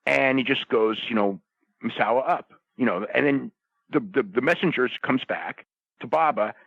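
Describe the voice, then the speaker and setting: A man's voice: medium pitch, moderate pace, gravelly, no echo. Rambling man on a dull, dry line. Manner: rambling, lots of restarts and "you know". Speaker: podcast roundtable guest. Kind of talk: casual chat. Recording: dull lo-fi sound.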